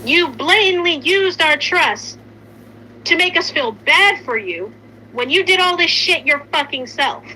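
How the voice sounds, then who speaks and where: A woman's voice: high voice, animated, unhurried, sharp tone, slight background noise, poor audio. A young woman in heated casual commentary, angry and swearing often as she rants.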